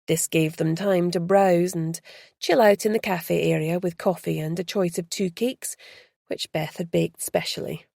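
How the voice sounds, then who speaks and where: Low, gravelly woman narrating a story. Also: mellow, dry recording, studio quality. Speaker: audiobook narrator. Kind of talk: scripted narration.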